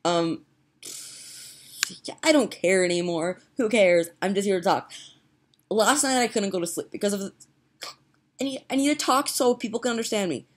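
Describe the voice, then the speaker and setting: A woman's voice: mid-range voice, moderate pace, long pauses. A young woman rambling in a casual home vlog, chatty and giggly, laughing at herself as she talks. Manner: chatty, giggly, self-mocking. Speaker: vlogger. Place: home, indoors.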